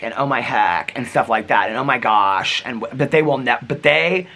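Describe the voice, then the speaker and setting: A man tells a long, rambling story straight to the camera, full of asides and acted-out bits of dialogue. His pitch leaps and dips all over the place, and his voice is bright. He has the easy, casual manner of a daily vlogger. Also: moderate pace, few pauses. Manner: chatty, animated, rambling with asides.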